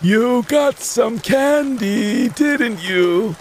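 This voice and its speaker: A man's voice: very high-pitched, expressive, drawn-out words, a little mellow, a little hiss or hum, pitched above the performer's own voice, heavily acted. A man voicing a crazed old man with a cane, who taunts in a sing-song voice and laughs wildly. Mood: sing-song taunting.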